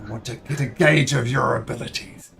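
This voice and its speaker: A man playing a gravelly, boastful black dragon. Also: medium pitch, steady tone, fairly quick, fairly bright tone. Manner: haughty, grand and commanding. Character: proud boastful male black dragon, huge and powerful.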